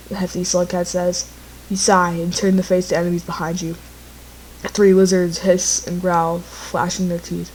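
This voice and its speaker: A woman's voice: fairly low pitch, monotone, moderate pace, a little mellow, slight background noise. A woman reading a text adventure aloud in a casual, playful, joking way. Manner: playful, joking narration with restarts.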